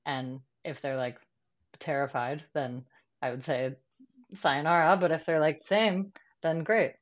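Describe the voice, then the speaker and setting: Woman guest, very low pitch, chatty and full of fillers, slightly dull lo-fi sound. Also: fairly even intonation, unhurried. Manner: chatty, lots of fillers and quoted asides. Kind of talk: casual podcast chat.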